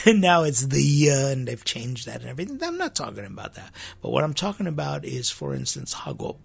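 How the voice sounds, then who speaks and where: Gravelly, husky priest hosting a podcast. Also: male voice, mid-range voice, a bit bright, dry recording. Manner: chatty, laughs often, repeats words. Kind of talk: casual podcast monologue.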